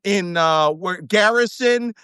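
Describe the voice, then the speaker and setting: A man's voice: high voice, takes it slowly, bright, forceful tone, clear, resonant tone, dry recording. Brief: ex-navy man, guest commentator, emphatic and foul-mouthed, dry sound. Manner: profane, ranting, emphatic. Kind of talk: heated talk-show commentary.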